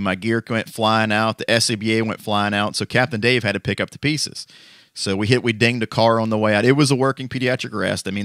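A man, a firefighter and co-host, telling lively work stories in a casual chat and laughing at himself. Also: lowish voice, no room sound, clean studio sound. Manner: lively anecdotes with self-deprecating laughs.

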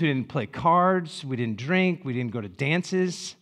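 A man in his sixties, a pastor preaching a sermon with animated, joking storytelling that swings from loud asides to hushed reflection. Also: on the high side, unhurried, few pauses.

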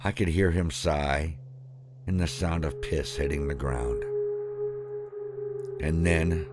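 Slow, deep-voiced man narrating horror. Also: fairly even intonation, heavy background noise. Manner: halting, breaks off and restarts mid-sentence. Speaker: storyteller. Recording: background music under voice.

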